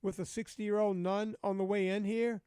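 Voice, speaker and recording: A man guesting on a podcast, talking bluntly and profanely in a lively, storytelling way. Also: high-pitched, normal speed, clear, resonant tone, no room sound, clean studio sound. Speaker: guest, fitness trainer. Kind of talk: casual podcast chat.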